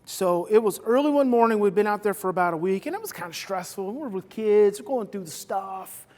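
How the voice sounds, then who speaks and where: A man speaking at a live seminar, telling a story dramatically, with his voice swinging from loud outbursts to hushed whispers. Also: high voice, animated, fairly quick. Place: seminar hall. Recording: long reverb of a large hall.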